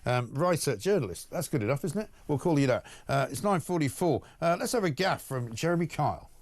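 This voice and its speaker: A man's voice: fairly high pitch, expressive, a little fast. A male morning talk-show host who reads out listener messages and gives blunt, indignant opinions.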